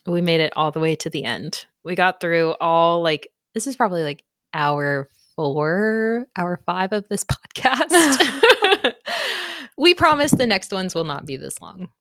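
Brief: woman, lowish voice, casual podcast recap, giggly and sweary, dry close mic. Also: lively intonation, measured pace, fairly bright tone, dry recording. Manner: laughing often, fillers, swears freely. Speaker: book club podcast co-host. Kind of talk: casual chat, recapping a novel.

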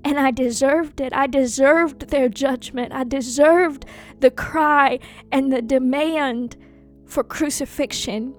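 A woman speaks in a high voice, slowly and with heavy pauses. She delivers a first-person dramatic monologue, anguished and intense, repeating phrases as she goes. Faint music plays quietly behind her. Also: fairly even intonation. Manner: slow, anguished and intense, with many pauses and repetitions.

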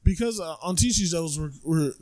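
A man's voice: on the high side, brisk, a little mellow, dry recording. A man hosting a podcast in loose, joking banter, swearing freely and breaking into laughter. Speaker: podcast host.

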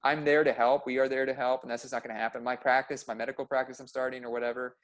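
A man's voice: mid-range voice, little pitch movement, racing. A young adult man, a medical practitioner, talking intensely and bluntly in casual podcast chat, swearing freely.

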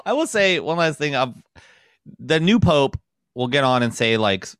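A man's voice: mid-range voice, big pitch swings, normal speed, fairly bright tone, clear, resonant tone, no room sound, clean studio sound. A man guesting on a podcast in casual comedic chat, laughing often and swearing casually.

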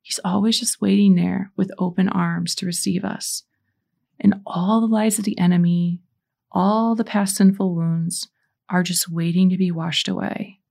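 Gravelly-voiced woman sharing her faith. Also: fairly low pitch, level tone, unhurried, a little mellow. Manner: earnest, encouraging, conversational with fillers. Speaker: Catholic podcast host. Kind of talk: faith podcast teaching and prayer.

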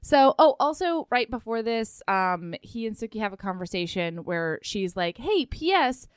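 A woman co-hosting a casual chat, sarcastic and profane, quick to laugh. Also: fairly high pitch, sing-song, clear, resonant tone, no room sound, studio quality. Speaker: podcast co-host.

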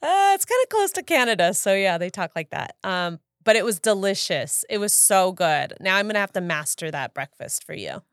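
A woman's voice: medium pitch, big pitch swings, fairly quick, hardly any pauses, no room sound, clean studio sound. A woman in her thirties co-hosting a casual podcast, telling stories and quoting herself as she goes. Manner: chatty storyteller, quotes herself, laughs often. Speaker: podcast co-host. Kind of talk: casual chat.

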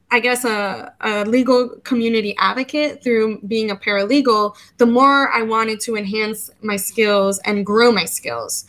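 An American woman in her thirties, a legal educator appearing as a podcast guest, speaks casually and animatedly, often acting out things she once said. Her voice is on the high side, and the recording is rough.

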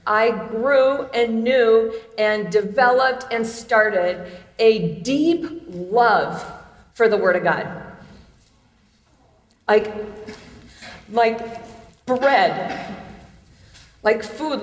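A woman in her fifties speaks in a slightly high voice, telling personal stories in a chatty, self-deprecating way and laughing often. She sounds amplified through a mic in a large hall, with a roomy echo and a long reverb trailing behind her words. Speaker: chapel speaker. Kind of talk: chapel talk with personal stories.

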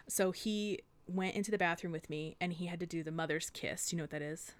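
Lower-pitched woman telling a story. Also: fast, no echo. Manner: animated, swearing, vivid retelling with acted-out quotes. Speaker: podcast co-host. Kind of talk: casual storytelling chat.

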